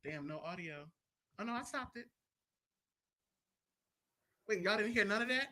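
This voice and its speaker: A man's voice: sits high, lively intonation, a little slow, sharp tone. A man co-hosting a casual talk show, joking and apologizing through technical trouble. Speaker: podcast co-host. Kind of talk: casual chat.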